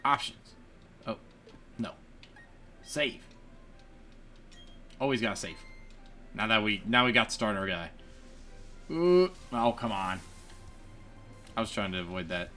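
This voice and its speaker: A man narrates his game session in a loose, chatty way and laughs at himself often. His voice is bright and clear, and his pitch swings freely from line to line. He sounds like he is recording at a home desk mic. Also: animated, takes it slowly, pauses often, faint music behind. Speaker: let's play gamer. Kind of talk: casual gameplay commentary.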